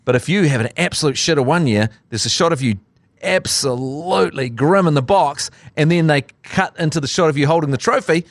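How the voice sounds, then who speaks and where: A man with a New Zealand accent co-hosting a sports podcast, chatting in a joking, animated way with crude humour. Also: on the high side, a little fast, dry recording. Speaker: podcast co-host. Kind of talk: casual sports banter.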